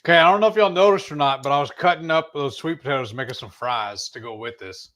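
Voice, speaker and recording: A man's voice: medium pitch, fast, a bit bright. A man hosting a cooking livestream from a home kitchen, easygoing and playfully teasing. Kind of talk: casual livestream cooking chat.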